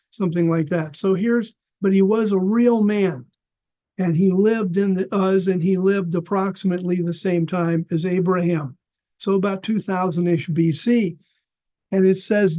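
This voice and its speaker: A man's voice: high-pitched, warm tone. An older man teaching an unscripted Bible study lecture, explaining with fillers and restarts. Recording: dull lo-fi recording.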